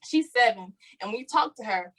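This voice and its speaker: A woman's voice: on the high side, expressive, a little fast, a bit bright, low-quality recording. Woman host, earnest and candid, casual parenting talk. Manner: earnest, searching for words. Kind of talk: casual conversation about parenting.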